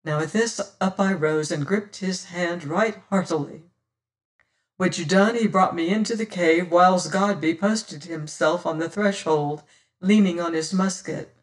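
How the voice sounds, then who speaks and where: A narrator reading a first-person period adventure novel in a measured, old-fashioned storytelling manner, heard from a distant mic. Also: medium pitch. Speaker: audiobook narrator.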